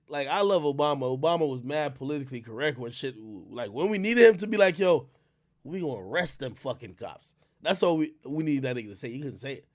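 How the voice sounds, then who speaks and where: Profane man ranting on stream. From Jamaica. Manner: animated, profane, swings from loud rants to low muttering. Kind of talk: ranting livestream commentary.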